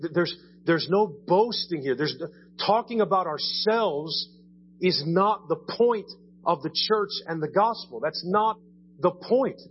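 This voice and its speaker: A man's voice: high voice, lively intonation, slow, lo-fi sound, a little hiss or hum. Conversational man preaching a sermon. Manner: conversational preaching, frequent "right?" asides, repeats words. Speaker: pastor. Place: church sanctuary.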